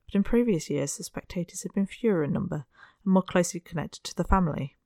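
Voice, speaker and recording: Dry, measured audiobook narrator. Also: medium pitch, lively intonation, gravelly, dark tone, no room sound. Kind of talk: scripted narration of a Victorian novel.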